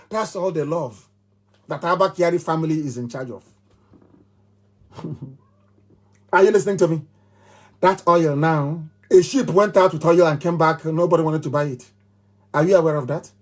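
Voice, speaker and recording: A man's voice: high-pitched, animated, moderate pace. A middle-aged man with a Nigerian accent giving a live political broadcast, talking in an emphatic, repetitive way with mocking laughs. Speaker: movement leader giving a broadcast.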